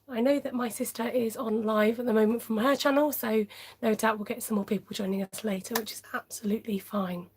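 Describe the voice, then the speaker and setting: Woman, craft live-streamer, breathy and a touch high, chatty and welcoming. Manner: friendly, chatty, greets viewers by name, laughs often. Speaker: papercraft demonstrator hosting a live stream.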